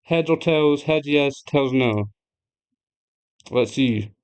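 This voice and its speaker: A young man casually retelling a game's story to his viewers, excitable and chatty, laughing often and swearing freely. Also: medium pitch, takes it slowly, clean tone. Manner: chatty, addresses viewers directly. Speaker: gaming video creator.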